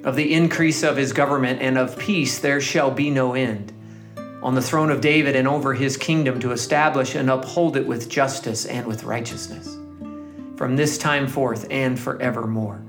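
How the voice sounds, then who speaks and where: A man leading a reflective scripture meditation in a soft, gentle voice that lingers on single words. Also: mid-range voice, fairly even intonation, normal speed. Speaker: devotional leader. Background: guitar music.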